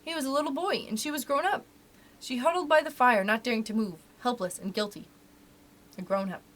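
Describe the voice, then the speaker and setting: A woman reading a children's book aloud for a library storytime, with expressive, animated delivery. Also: fairly high pitch, fairly quick.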